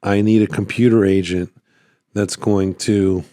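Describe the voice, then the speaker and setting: A man vlogging about his small business in a rambling, relaxed way, his voice a little worn. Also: lowish voice, a little slow, no room sound, clean studio sound. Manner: rambling, relaxed, lots of fillers and restarts. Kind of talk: casual talking-head vlog. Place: at home by his computer. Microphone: phone.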